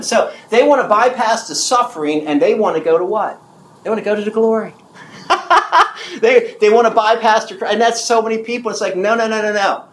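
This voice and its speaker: A man in his sixties preaching a sermon with emphasis, asking the audience questions and repeating key phrases slowly. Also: high-pitched, lively intonation, fairly bright tone, roomy sound, a little hiss or hum, poor audio. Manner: asks the audience questions and answers them.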